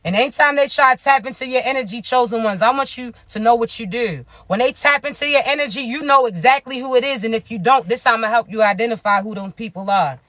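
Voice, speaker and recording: A woman who works as a spiritual advisor, giving a casual, animated pep talk full of slang, preaching at times and often laughing. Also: a little high, quick pace, few pauses, dry recording, studio quality.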